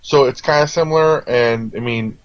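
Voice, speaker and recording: A man's voice: medium pitch, moderate pace, no room sound. A man co-hosting a casual movie review chat, rambling along with lots of fillers and restarts. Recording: dull, lo-fi sound.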